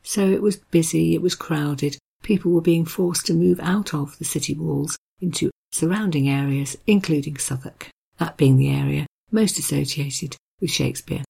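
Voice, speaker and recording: Gravelly, husky history podcast host. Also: medium pitch, moderate pace, few pauses, dark tone. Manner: chatty storytelling with wry asides. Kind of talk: informal history talk.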